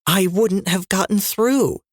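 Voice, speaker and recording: A man's voice: sits high, slow, dry recording, clean studio sound, pitched above the performer's own voice. A man voicing a defiant, fierce woman rebel leader in an audiobook reading, cutting and sarcastic in tone.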